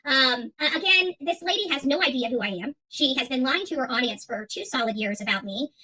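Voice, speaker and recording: Fast, bright-voiced defiant woman. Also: sits high, lively intonation, husky, poor audio. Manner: defiant, repetitive, hesitant with many fillers. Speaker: YouTube channel host. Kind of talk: heated monologue to viewers.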